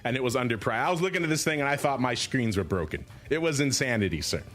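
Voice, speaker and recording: A middle-aged man hosting a podcast in casual banter, animated and digressive, often slipping into movie quotes. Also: mid-range voice, quick pace, soft background music. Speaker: podcast host.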